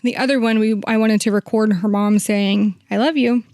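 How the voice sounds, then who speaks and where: A woman's voice: mid-range voice, fairly even intonation, moderate pace, a little mellow, no echo, studio quality. A woman working as a hospice nurse, telling a long story in a podcast interview, with many fillers and quoted lines acted out.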